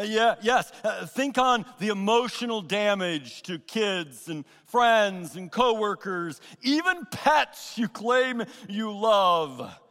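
A man preaching a sermon as pastor, earnest and emphatic, with pauses and repeated phrases. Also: high-pitched, fairly bright tone, long reverb tail. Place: church sanctuary.

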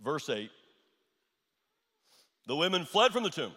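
A man's voice: a little high, sing-song, measured pace, bright, forceful tone, husky, big-room sound. A male pastor preaching a sermon, repeating his key lines for emphasis.

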